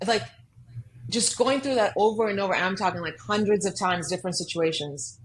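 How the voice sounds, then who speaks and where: A woman's voice: mid-range voice, normal speed, a little hiss or hum, rough recording. A woman guest on a podcast, telling a personal story earnestly and emphatically, acting out the voices in her head. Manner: earnest, emphatic, acts out quoted inner voices. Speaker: guest author. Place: podcast studio.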